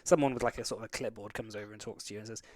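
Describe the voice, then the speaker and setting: A man's voice: fairly low pitch, steady tone, very fast, dry recording. A man narrating a tabletop game as game master, wandering through fillers and restarts. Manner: rambling, full of fillers and restarts.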